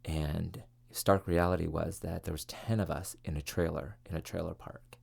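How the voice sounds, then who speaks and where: A man's voice: low voice, fairly even intonation, moderate pace, gravelly, a little mellow, slightly rough. A man who hosts a podcast and was once a TV reporter, telling his life story in an earnest, reflective way with many fillers. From California, US. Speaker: podcast host, former TV reporter. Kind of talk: personal storytelling monologue.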